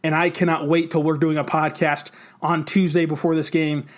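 A man co-hosting a sports podcast, talking fast and excitedly in casual football chat. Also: a little high.

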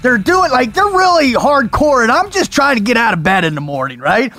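A man hosting a podcast, hyped and loud, laughing often and swearing freely. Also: very high-pitched, big pitch swings, normal speed. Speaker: podcast host. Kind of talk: energetic podcast conversation.

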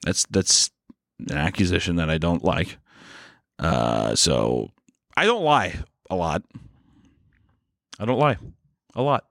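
A man's voice: low-pitched, slow pace, gravelly, pauses often, dry recording. A young man from the American Midwest co-hosting a podcast, riffing jokily in casual, profane chat. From Kansas City, US. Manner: jokey, animated, profane, riffing in bits. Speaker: podcast co-host.

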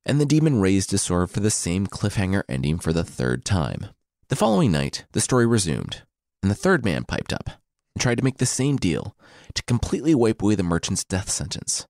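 A male storyteller with a fairly low voice that moves through a lively pitch range. He retells the story with irreverent, sarcastic asides. The recording is dry and close, with no room around it. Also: fairly quick, no echo.

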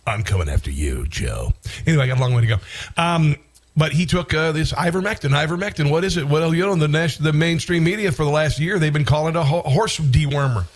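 A man's voice: a little high, quick pace. A man hosting a political talk show, delivering an indignant, rambling commentary monologue with frequent restarts and bursts of outrage.

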